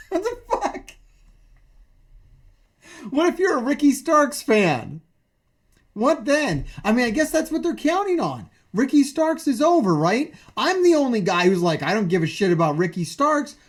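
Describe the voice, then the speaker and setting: A man streaming, ranting about a wrestling show in a profane, excitable way, full of incredulous questions. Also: extremely high pitch, moderate pace.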